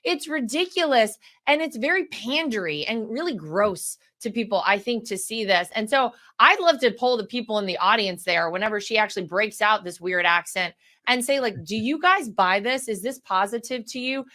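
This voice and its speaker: Bright, emphatic woman interview guest. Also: a little high, animated, normal speed. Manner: emphatic, assured. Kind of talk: political interview.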